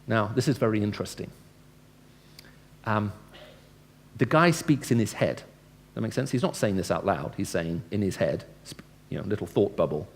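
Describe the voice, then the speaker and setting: A man's voice: fairly low pitch, animated, moderate pace. A man giving a lecture-style evangelistic talk to a live audience, speaking conversationally and asking his listeners questions. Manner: acts out dialogue with changing tone. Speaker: Christian speaker.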